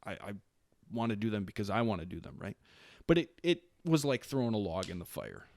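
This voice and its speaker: This Wisconsin man in his late thirties, a Marine staff sergeant, speaks briskly with a fairly low pitch and no echo. As the guest in a relaxed interview, he keeps restarting his stories and performs the quoted lines with animation.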